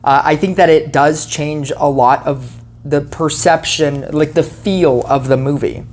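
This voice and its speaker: Low-voiced woman rambling through a review. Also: fairly even intonation, unhurried, darkish tone. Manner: rambling, heavy on "like" and "you know", self-correcting. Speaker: film reviewer. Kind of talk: casual spoken film review.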